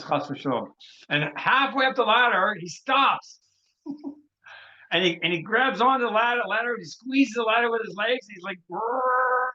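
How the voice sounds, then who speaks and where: A man, a rabbi, teaching a Torah workshop through an animated story, often restarting phrases and dropping in Hebrew terms. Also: sits high, muffled recording.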